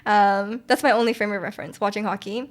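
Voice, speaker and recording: A woman's voice: medium pitch, fairly even intonation, fast. A young Canadian woman streaming, chatting with her viewers in a rambling, giggly way full of fillers. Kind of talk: casual chat with live chat.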